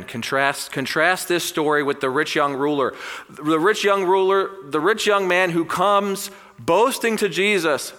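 A man preaching a sermon with a bright, ringing voice. He swings from loud, emphatic declarations to hushed, quiet lines. His voice carries a long reverb, as in a large hall. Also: medium pitch. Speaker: pastor.

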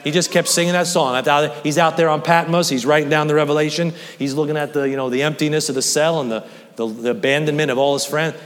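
A man preaching a sermon in a church, earnest and animated, his voice climbing high for emphasis. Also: fast talker, in a large hall. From Staten Island. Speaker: pastor.

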